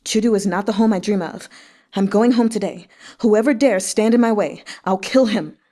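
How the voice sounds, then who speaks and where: A woman's voice: mid-range voice, normal speed, warm tone, natural voice. A woman reading aloud, voicing a fierce, defiant young male general.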